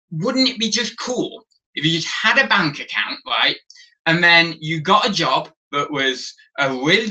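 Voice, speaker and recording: Young British guy on a rambling live-stream chat, slightly higher voice, very bright and sharp, a bit off-mic. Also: recorded from a distance, low-quality recording. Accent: British English. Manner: rambling, self-correcting, chatty. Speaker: vlogger.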